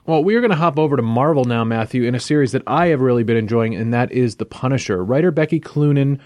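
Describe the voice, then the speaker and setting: Man, podcast co-host, quick questions and quips, mid-pitched, dry close recording. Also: darkish tone, no echo. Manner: brief questions and quips, then segment introductions. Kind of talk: casual chat.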